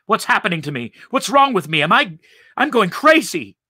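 Man doing a desperate exile, lively swinging voice, forceful, dry sound. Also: medium pitch, slow pace, full character voice. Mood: frantic.

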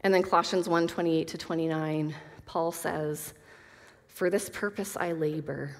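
A woman gives an earnest Bible lesson to a group of women, moving between scripture readings and casual asides. Her voice sits a little low. A long hall reverb trails after her words. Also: steady tone, unhurried. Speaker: Bible study teacher.

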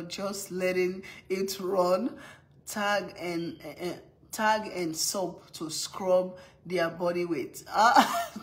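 A woman's voice: fairly low pitch, a little hiss or hum, low-quality recording. Chatty mother with a strong accent. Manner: chatty, laughs often, greets viewers by name; strong non-native accent. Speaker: mother livestreaming to viewers. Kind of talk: casual live-stream chat.

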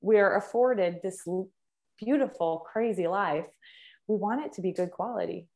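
A woman's voice: medium pitch, moderate pace, darkish tone. A young adult woman, a fitness trainer talking as a podcast guest, speaking with eager emphasis and repeating words for stress. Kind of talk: conversational podcast interview.

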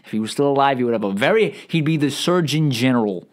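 A man's voice: medium pitch, animated, fast. Rambling, profane male podcast host. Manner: profane, rambling, frequent restarts and stammers. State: feeling bloated and irritable. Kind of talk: rambling comedic monologue.

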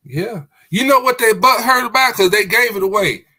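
A man co-hosting an online talk show, preaching with emphatic, drawn-out stresses in a casual call. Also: sits high, expressive, bright, forceful tone. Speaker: podcast co-host. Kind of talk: casual religious discussion.

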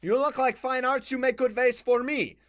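A man voicing a stern male border inspector with a put-on foreign accent and broken English, loud and proud. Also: extremely high pitch, fairly even intonation, moderate pace, voice pushed up. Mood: patronizing.

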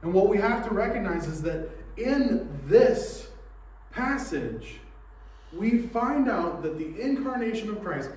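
A high-pitched, slightly mellow male voice belongs to a pastor giving a sermon in a church sanctuary. He argues his points earnestly, leaning on rhetorical questions. Slight background noise and the echo of the hall come through a distant microphone.

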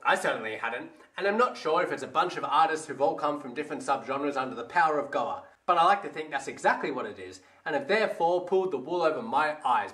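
A man's voice: a little high, fairly bright tone. A man giving a comedic album review in a wry, sarcastic way, swearing freely. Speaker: music reviewer. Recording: echoey room with faint music.

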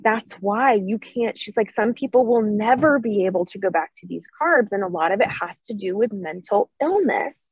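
A woman giving an earnest, animated personal testimony to an online support group. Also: mid-range voice, slightly rough, dry recording, low-quality recording. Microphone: video call.

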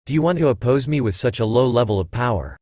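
Brief: huge arrogant dragon king, read by a man, lively pitch, dry sound. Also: fast talker, dry recording, lightly acted. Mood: gloating.

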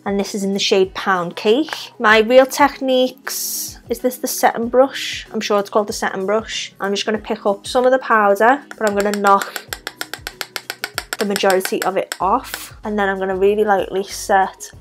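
Over soft background music, a young woman with a Scouse accent speaks in a medium pitch with fairly even intonation and a moderate pace. She narrates a laid-back makeup tutorial, chatting through each step as she applies it.

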